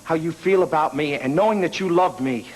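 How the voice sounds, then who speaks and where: An actor playing a young man who pleads haltingly with the woman he loves, in a 1980s daytime soap opera. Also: a little high, close to an everyday voice, low-quality recording. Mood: pleading. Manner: halting, pleading, soft-spoken. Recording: archived TV recording with music.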